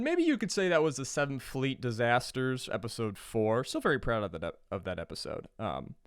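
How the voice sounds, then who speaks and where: A man's voice: mid-range voice, very animated, moderate pace, smooth, no room sound, studio quality. A man from Georgia co-hosting a podcast, talking in a rambling, sardonic, profane way. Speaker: podcast co-host. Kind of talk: casual podcast chat.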